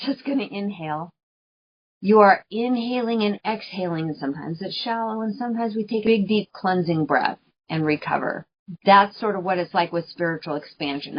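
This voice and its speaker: A woman hosting a podcast, talking earnestly in a chatty coaching monologue, laughing often and repeating phrases for emphasis. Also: medium pitch. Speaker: podcast host. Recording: dull lo-fi recording.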